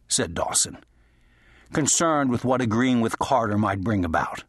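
A man reading a western novel aloud as an audiobook narrator, in an even, measured storytelling manner. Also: mid-range voice, breathy edge, no room sound, studio quality. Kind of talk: scripted narration.

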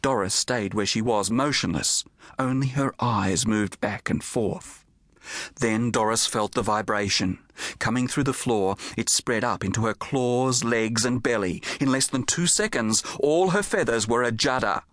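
A man, the author, narrating his own children's audiobook in a lively, expressive storytelling manner. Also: mid-range voice, a little slow, dry recording, clean studio sound.

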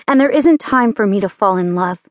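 A woman's voice: mid-range voice, lively intonation, fairly quick, no echo, dull audio, close to an everyday voice. A woman narrator voicing an anxious young adult daughter in an audiobook, raising her voice to a pleading tone.

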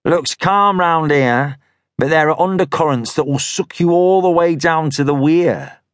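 An actor voicing a wry, stocky northern man with a thin, nasal northern English accent who speaks slowly and teasingly. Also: fairly high pitch, dry recording, pitched above the performer's own voice, lightly acted.

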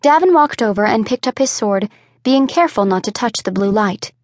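Measured woman audiobook narrator. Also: medium pitch, dry recording, studio quality. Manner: measured, expressive. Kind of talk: scripted narration.

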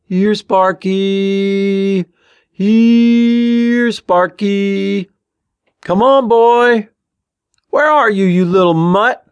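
A man's voice: high voice, fairly even intonation, drawn-out words, clear, resonant tone, dry recording, muffled recording, pitched above the performer's own voice, full character voice. A man voicing a reckless teenage boy who calls out in a teasing, sing-song way.

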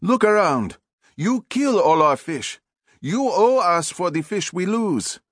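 Man voicing a young fisherman, excitable, voice jumping high, loud, dry close sound. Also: slow, no echo, full character voice. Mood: indignant. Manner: shouts indignantly, voice jumps high. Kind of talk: audiobook character voice.

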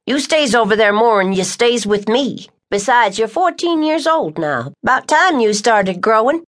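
A woman's voice: on the high side, lively intonation, a little slow. A woman voicing Tucker, a blunt rural woman who teases in folksy dialect, in an audiobook. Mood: teasing.

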